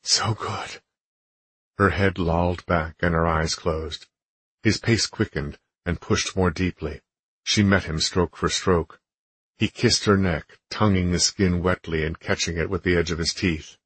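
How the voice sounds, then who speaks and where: An audiobook narrator with a very deep, husky male voice reads a romance in a steady, measured manner from a script. The recording is dry and close-miked, with no room sound at all.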